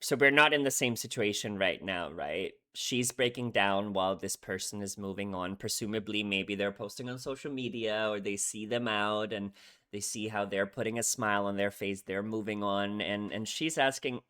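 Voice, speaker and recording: A man's voice: lowish voice, moderate pace, bright, forceful tone, smooth. A young man talking through song lyrics in a casual reaction video, earnest and emotional, often checking in with "right?". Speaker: music reaction YouTuber.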